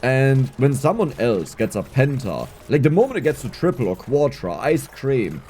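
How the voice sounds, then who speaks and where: A man giving casual gameplay commentary, excitable and laughing often, with a strained, scratchy voice. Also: medium pitch, moderate pace. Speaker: gaming YouTuber.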